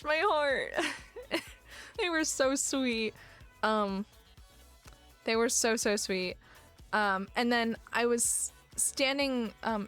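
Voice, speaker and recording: A young woman with a slightly high voice, chatting on a livestream. She tells stories animatedly, laughs often and swears freely, with soft music playing underneath. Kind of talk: casual chat.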